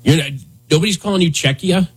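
Man, podcast host, husky voice, slightly high, sarcastic rambling chat. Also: quick pace. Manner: sarcastic, rambling, jokey asides. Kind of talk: casual comedic chat.

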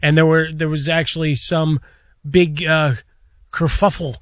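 Fairly high-voiced radio co-host. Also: male voice, little pitch movement, measured pace, fairly bright tone, no echo. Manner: conversational, dry quips, explains with facts. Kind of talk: sports radio banter. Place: radio studio.

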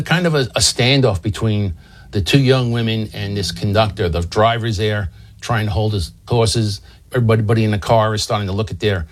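A man recounts a historical incident in an easygoing storytelling manner. He explains as he goes and drops in small asides and restarts, keeping it conversational rather than scripted. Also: fairly low pitch.

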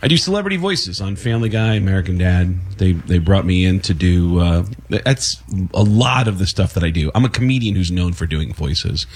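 Husky-voiced man telling stories. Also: low-pitched, fairly quick, hardly any pauses. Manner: rambling, animated storytelling with frequent laughs and restarts. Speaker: guest comedian. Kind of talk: casual talk show storytelling.

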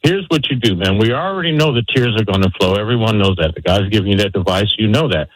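A man's voice: on the low side, expressive, quick pace, no echo, rough recording. A man calling into a sports radio show, folksy as he gives friendly advice. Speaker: radio caller.

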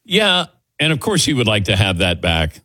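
A man's voice: fairly low pitch, wildly swooping pitch, moderate pace, pushed and bright, no room sound. A man hosting a sports radio show, chatting casually and laughing easily with his crew.

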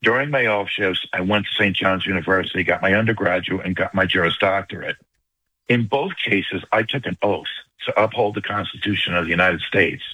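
An older caller with a strong New York accent speaks quickly and emphatically to a radio host. His voice is low and bright with a husky edge. The line sounds dry and close. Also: no room sound, low-quality recording. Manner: fast, emphatic, talks at length. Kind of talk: call-in radio talk.

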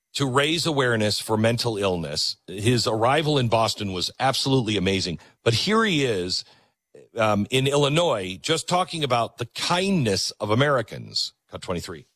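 A man's voice: on the low side, fairly bright tone, no echo. A man hosting a show, giving emphatic commentary on clips he plays. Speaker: host.

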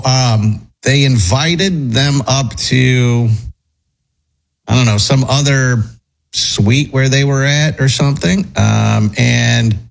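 A man's voice: mid-range voice, gravelly. A man telling a long rambling story in casual chat, full of fillers and restarts. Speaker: storyteller on a talk show.

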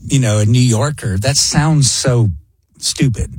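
A man's voice: medium pitch, a little slow, darkish tone, breathy edge, no room sound. A man co-hosting a radio show, chatting casually and restarting his sentences. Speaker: radio co-host.

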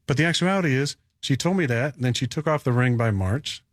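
A man's voice: medium pitch, lively intonation, fairly quick, dry recording, studio quality. A man in an interview, casually recounting a personal story with many "you know"s. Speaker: interview guest.

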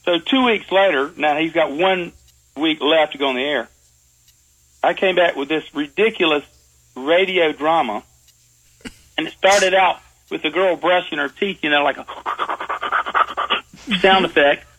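A man, a commercial music producer, telling stories in an interview in an animated way, often laughing. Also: fairly high pitch, unhurried, pauses often, low-quality recording. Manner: animated, laughing storyteller with frequent fillers. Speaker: guest, jingle producer. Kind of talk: storytelling interview.

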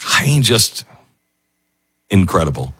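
A man's voice: low voice, sing-song, slow, bright, forceful tone, husky, no echo. A man hosting a talk show, musing emotionally in casual commentary with many fillers.

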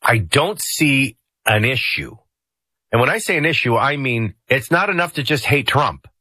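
A man's voice: mid-range voice, big pitch swings, moderate pace, pushed and bright, slightly rough, dry recording. A male radio talk show host giving jokey, conversational political commentary from a studio mic, with frequent restarts.

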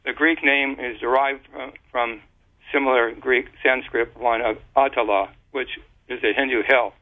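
A man of average pitch talks on and on in a loose, explanatory way, tripping over words and circling back to restart them. His voice comes through a narrow, tinny phone line. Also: steady tone. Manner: rambling, halting with many restarts and fillers. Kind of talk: casual explanatory talk.

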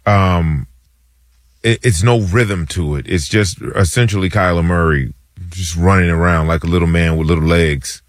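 A man co-hosting a sports radio show in a studio, talking football in a laid-back, halting way with casual slang. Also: deep voice, no room sound. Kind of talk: sports talk radio chat.

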